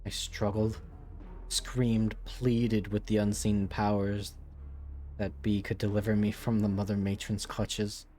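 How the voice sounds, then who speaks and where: A man's voice: lowish voice, little pitch movement, takes it slowly, dark tone, a little hiss or hum. A man streaming a game, making casual, wry, sometimes profane comments and reading the story text aloud with drama.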